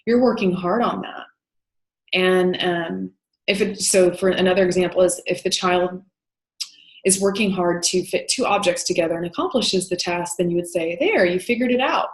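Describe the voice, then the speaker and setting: Counseling teacher, female, deeper-set voice, patient explainer, reverberant room sound. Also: steady tone, normal speed. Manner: explanatory, with frequent "um" and "you know". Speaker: counseling instructor. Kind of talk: recorded lecture.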